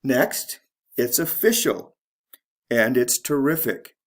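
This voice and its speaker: A man teaching an English pronunciation lesson, reading word pairs slowly and spelling out endings letter by letter. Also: mid-range voice, animated. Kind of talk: slow, deliberate pronunciation lesson.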